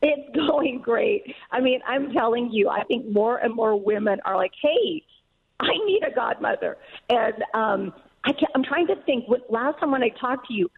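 A middle-aged woman author, a guest in an interview, talking in an emphatic, earnest way with quick laughs. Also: fairly high pitch, vocal fry, husky. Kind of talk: casual interview talk. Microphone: phone call. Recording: tinny phone line.

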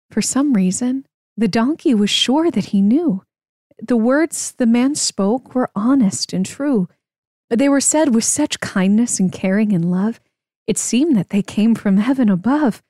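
Woman slowly reading a rhyming storybook. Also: on the high side, warm tone, no echo, studio quality. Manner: slow, rhythmic rhyming narration. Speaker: parent reading to her children. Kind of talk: storybook read-aloud.

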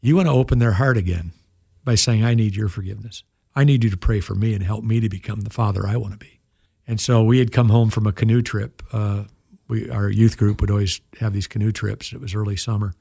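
An older man, a pastor, telling a heartfelt story from his youth in an earnest, emotional way. His voice sits low, gravelly and husky. The sound is dry and close. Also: fairly even intonation, brisk, dark tone, no room sound. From United States. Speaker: pastor and guest. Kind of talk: storytelling in an interview.

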